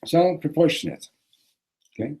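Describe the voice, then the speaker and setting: Husky man giving an animated lesson. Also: fairly high pitch, normal speed, rough recording. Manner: animated, with frequent restarts and repeated words. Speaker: teacher. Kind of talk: classroom lesson on a religious text.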